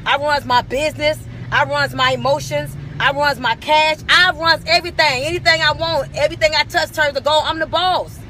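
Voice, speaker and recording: A woman's voice: high-pitched, steady tone, moderate pace, few pauses, pushed and bright, a little hiss or hum. A woman, sitting in her car and delivering an emphatic, repetitive motivational rant. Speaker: vlogger.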